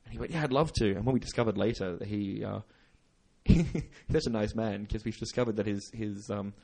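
Fast, lowish male co-host, animated storyteller who acts out voices. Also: gravelly. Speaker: podcast co-host. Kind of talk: casual chat.

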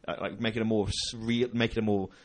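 A man chats quickly in a lowish voice. He tells stories animatedly, slipping into other people's voices and laughing often. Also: little pitch movement, a little hiss or hum. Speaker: podcast co-host. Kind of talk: casual chat.

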